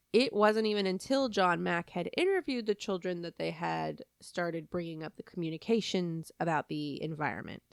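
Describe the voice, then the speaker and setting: A woman's voice: fairly low pitch, gravelly, smooth, dry recording, studio quality. A woman co-hosting a podcast who recounts a story in a chatty, self-deprecating way, full of fillers. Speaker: podcast co-host.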